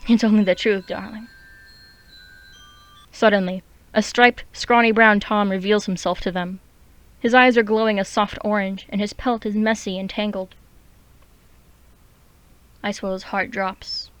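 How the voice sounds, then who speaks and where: A woman reading her own story aloud as a steady, clear narrator. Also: medium pitch, normal speed, no room sound.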